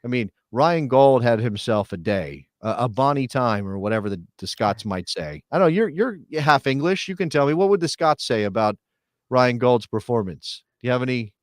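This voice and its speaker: A man's voice: medium pitch, animated, moderate pace, dry recording, clean studio sound. Chatty man hosting a live soccer talk show. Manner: chatty, joking, many restarts and fillers. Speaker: podcast host.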